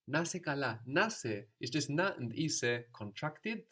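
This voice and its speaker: A man's voice: medium pitch, lively intonation, a little slow, bright, forceful tone. A man teaching a language lesson, patiently explaining and prompting his student.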